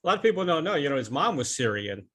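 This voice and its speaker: A man's voice: fairly high pitch, very animated, fast, fairly bright tone, breathy edge. Eager male interviewer on a video call. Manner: eager, with frequent short backchannels.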